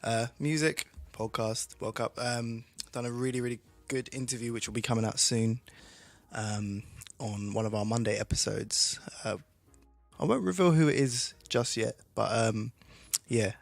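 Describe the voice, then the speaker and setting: A man's voice: medium pitch, moderate pace, gravelly. A man co-hosting a podcast, jokey and laid-back in casual chat. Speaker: podcast co-host.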